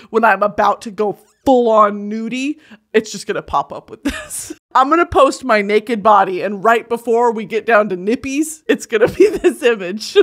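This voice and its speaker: An expressive woman in her twenties hosts a casual commentary show. Her pitch jumps around constantly, and she moves freely between mock rants, whispers and bursts of laughter. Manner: animated, swings into shouts, whispers and laughter. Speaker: host.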